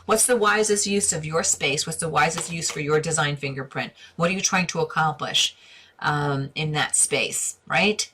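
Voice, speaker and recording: A woman's voice: deep voice, normal speed, bright, forceful tone, husky. A middle-aged woman hosting a live interior design stream, answering viewer questions in a chatty, direct way and using endearments.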